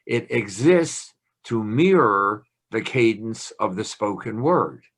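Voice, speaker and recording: On a video call, an older man gives a playful, chatty talk about grammar and punctuation as a guest speaker on language, using a teasing tone like a lecturer having fun. His voice is lowish and expressive, and his pace is measured.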